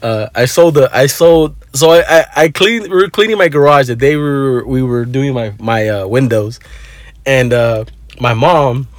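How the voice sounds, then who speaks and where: A man's voice: mid-range voice, moderate pace, no room sound. A man telling a rambling story in casual vlog talk, swearing freely and mixing in Spanish words, recorded on his phone. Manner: profane, laid-back, mixes in Spanish words. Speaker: vlogger.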